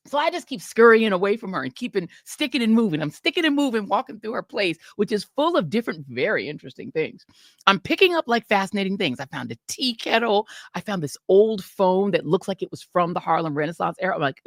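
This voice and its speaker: A woman co-hosting a podcast, telling a story in an animated, laughing way. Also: mid-range voice, a little fast, dry recording, clean studio sound. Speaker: podcast co-host. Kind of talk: casual storytelling chat.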